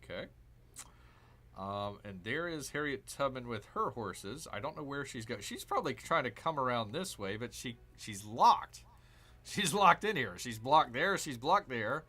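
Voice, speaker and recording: A man's voice: mid-range voice, lively intonation, unhurried, bright, forceful tone. A man hosting a gaming channel, casually talking himself through a strategy game, cheering and groaning at each move.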